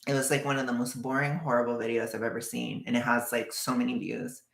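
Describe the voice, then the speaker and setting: Rambling live-streamer with a gravelly fry. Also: medium pitch, flat delivery, echoey room. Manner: rambling and chatty, lots of "like", quick bursts of laughter. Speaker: livestreamer chatting with viewers. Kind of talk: casual live-stream chat.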